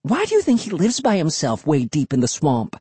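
A stubborn, excitable girl whose voice climbs high as she insists, as a male narrator puts her on. The delivery is pushy and worked up, husky and dry. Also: fairly quick, dry recording, full character voice. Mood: insistent. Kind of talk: audiobook character voice.

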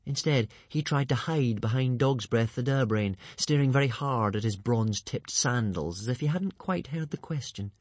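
A man narrating a children's storybook aloud in an expressive, lively way. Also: medium pitch, moderate pace, few pauses, dry recording. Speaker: audiobook reader.

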